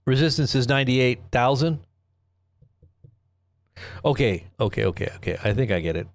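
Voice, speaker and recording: A man hosts a casual live news stream in a mid-pitched voice, rambling and cracking jokes. He often stops and restarts his sentences. The sound is dry and close to the mic. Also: expressive, normal speed, dry recording. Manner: rambling, self-interrupting, joking. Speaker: host. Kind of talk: casual livestream commentary.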